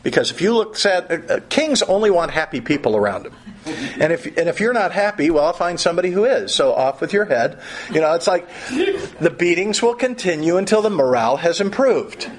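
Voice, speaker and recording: A pastor preaching a sermon in a conversational way, reading scripture and adding humorous asides. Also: male voice, on the high side, big pitch swings, fairly quick.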